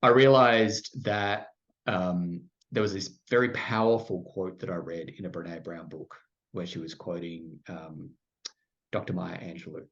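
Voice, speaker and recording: A man's voice: sits low, steady tone, measured pace, fairly bright tone. A middle-aged Australian man candidly telling his story in conversation, full of "like" fillers and self-deprecating asides. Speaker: podcast guest. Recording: muffled lo-fi sound.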